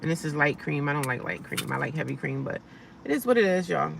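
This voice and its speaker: A woman's voice: deep voice, animated, fast, gravelly, recorded from a distance, slight background noise. A middle-aged woman chatting casually to her phone from inside her car, upbeat and self-encouraging with sassy asides. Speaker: vlogger living in her car. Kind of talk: casual live-stream chat.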